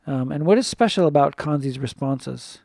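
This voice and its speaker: A man's voice: medium pitch, expressive, normal speed, creaky, a little mellow, dry recording, studio quality. A man teaching a casual recorded lesson, thinking aloud and correcting himself as he goes. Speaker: English teacher.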